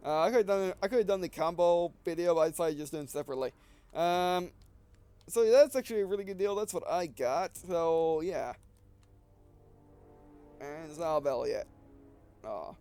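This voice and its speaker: Breathless man with a high, smooth voice. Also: a little mellow, no echo. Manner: rambling, often restarting and correcting himself. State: short of breath. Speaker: gaming video creator. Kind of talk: casual gameplay commentary.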